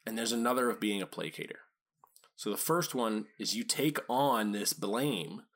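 A man's voice: mid-range voice, a bit bright. Casual male dog-training podcaster. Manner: casual, explanatory, acts out quoted speakers. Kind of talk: solo podcast talk.

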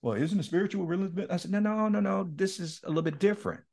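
High-pitched and quick, this middle-aged man's voice has vocal fry and a darkish tone. A guest speaker and men's ministry leader, he tells candid stories in a podcast interview, laughing often and acting out quoted dialogue.

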